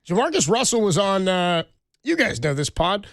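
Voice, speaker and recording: Laid-back high-voiced radio host. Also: male voice, big pitch swings, moderate pace, a bit bright, no echo, clean studio sound. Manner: laid-back, says "dude" a lot, laughs often. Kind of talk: casual sports talk banter.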